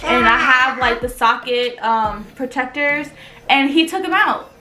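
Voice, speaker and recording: A young mother chatting to her viewers in a high, bright-pitched voice, full of "like" fillers. The room rings with echo, and soft music plays underneath. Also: a little slow. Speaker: mother and family vlogger. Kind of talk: casual chat to camera.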